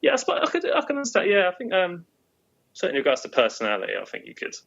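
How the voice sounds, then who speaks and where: A man's voice: high-pitched, huge pitch swings, very fast, gravelly, a bit bright, dull audio. A man with a Portsmouth English accent, a podcast guest who talks casually and hesitantly, with many fillers and restarts. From England. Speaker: guest musician.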